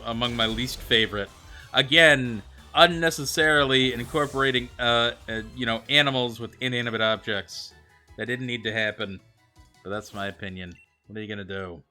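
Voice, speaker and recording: A young man streaming a game, reading out viewer comments and answering them in a chatty, animated way. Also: mid-range voice. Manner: chatty, animated, answers chat with quick excited reactions. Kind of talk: casual livestream chat reading viewer comments. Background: faint background music.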